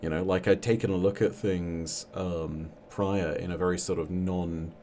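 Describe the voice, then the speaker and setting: Deep mellow guy on a podcast, reflective, lots of "you know", dark warm tone. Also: steady tone, slight background noise. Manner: reflective, many fillers, measured storytelling. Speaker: guest lore storyteller. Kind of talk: casual podcast interview.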